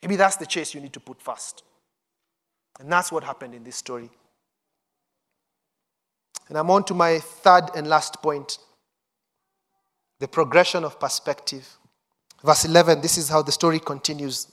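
A man's voice: fairly high pitch, normal speed, long pauses, fairly bright tone. A man preaching a sermon, reading scripture and acting out the quoted voices with urgency.

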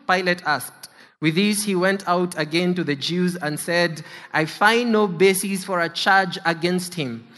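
A man's voice: sits high, a bit bright. A male preacher reading scripture aloud and then preaching, giving the quoted speakers dramatic inflection. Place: church sanctuary. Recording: long reverb of a large hall.

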